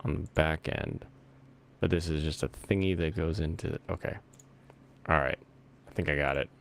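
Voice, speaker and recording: A man's voice: extremely low pitch, steady tone, normal speed, slight background noise. A man hosting a casual chat while playing a video game, rambling and easily amused, thinking aloud as he plays. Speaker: host.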